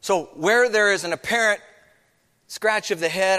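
A man's voice: sits high, normal speed, sharp tone, clean tone, long reverb tail. A man preaching a sermon as pastor, earnest, with many rhetorical questions.

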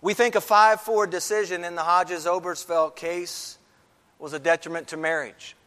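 A man's voice: high voice, steady tone, moderate pace, bright, forceful tone, clear, resonant tone. A man preaching a sermon, emphatic and repeating key phrases for stress. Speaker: pastor. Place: church sanctuary. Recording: long reverb of a large hall.

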